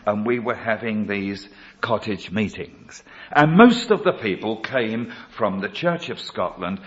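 Slow-speaking man preaching a testimony. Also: mid-range voice. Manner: slow storytelling, quoting others in dialogue. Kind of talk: sermon testimony. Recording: dull lo-fi recording.

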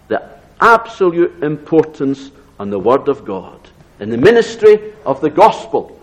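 A man preaching an expository sermon, reading scripture aloud and slowing down to stress key phrases. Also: mid-range voice, a little mellow, rough recording. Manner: reads scripture aloud in raised tone.

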